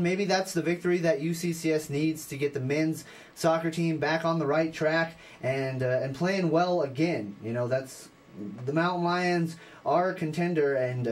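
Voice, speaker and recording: A young man with a fairly high voice hosts a college radio sports hour. He talks in a loose, chatty way and reels off scores and stats, stumbling over restarts and fillers as he goes. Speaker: sports radio show host.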